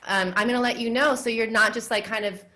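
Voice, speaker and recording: A woman guest on a podcast, a dominatrix and educator, talking in a relaxed, reflective way with many fillers and easy laughs. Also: on the high side, fast talker. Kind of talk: casual podcast conversation.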